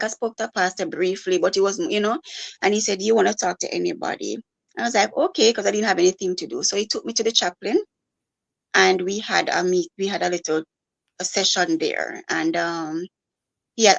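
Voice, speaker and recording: A woman speaks in a soft, fairly low voice, halting often and filling gaps. She talks through grief in a quiet, hesitant conversational way. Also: gravelly, rough recording. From Jamaica. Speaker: grieving mother. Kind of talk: live-stream conversation.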